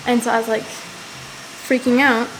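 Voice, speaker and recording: A woman's voice: a little high, little pitch movement, measured pace, fairly bright tone, a little hiss or hum. A young woman telling a personal story to the camera in a casual, rambling way, full of "like". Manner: rambling, heavy use of "like". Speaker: vlogger.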